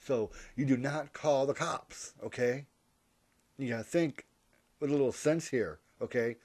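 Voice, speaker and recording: A man's voice: medium pitch, a little slow, a little mellow, dry recording. A man rambling through a comedic monologue, interrupting and correcting himself as he goes. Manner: rambling, hypothetical, self-interrupting. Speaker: vlogger.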